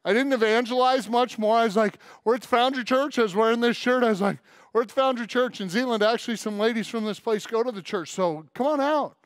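A male pastor delivers a sermon in a fairly high voice, telling a story and acting out the dialogue. His delivery is emphatic and direct. The sound is dry and close, with little room echo. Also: a little fast. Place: church.

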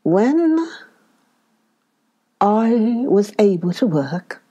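A worn-out old bullock laments being cast aside in a storybook tale, slow and mellow. A woman puts him on, her voice raised a little above her own. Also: medium pitch, sing-song, highs cut off, voice pushed up, heavily acted. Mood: weary.

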